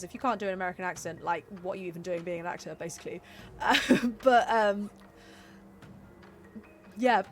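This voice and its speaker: A woman with a Southern English accent, chatting casually and rambling as she streams a video game, laughing often. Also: medium pitch. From England. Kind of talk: casual gameplay commentary.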